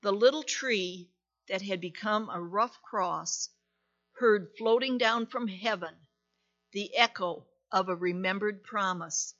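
A woman reading a story aloud in a gentle, deliberate manner with dramatic pauses. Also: mid-range voice, muffled recording.

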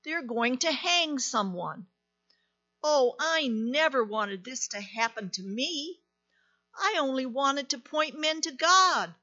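Little tree turned into a cross, fragile and pleading, pitched up by a woman narrator. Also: lively intonation, takes it slowly, pushed and bright, lo-fi sound, full character voice. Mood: distressed. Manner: pleading, tearful whisper. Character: little male tree made into a cross, sorrowful.

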